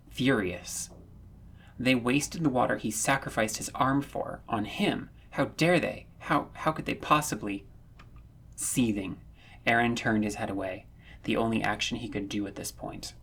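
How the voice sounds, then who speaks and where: A man narrating a fan-written story, reading in a measured, earnest way that rises when the tension builds. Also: fairly low pitch, gravelly, fairly bright tone, breathy edge. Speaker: audiobook narrator.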